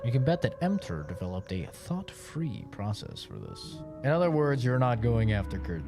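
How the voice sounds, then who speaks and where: A man's voice: medium pitch, very animated, moderate pace. A young man streaming a game, rambling in casual, profane commentary and laughing often. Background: game music.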